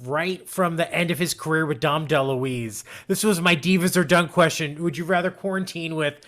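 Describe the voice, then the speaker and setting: Male interviewer, a bit higher-pitched, eager and easy to laugh. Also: moderate pace, a bit bright. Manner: enthusiastic, laughs easily. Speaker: podcast host. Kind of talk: casual interview.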